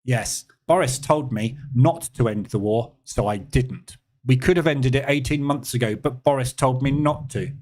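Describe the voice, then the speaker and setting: A man voicing a mock older strongman leader with a bad put-on foreign accent, in deadpan mockery. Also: medium pitch, moderate pace, natural voice. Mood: smug.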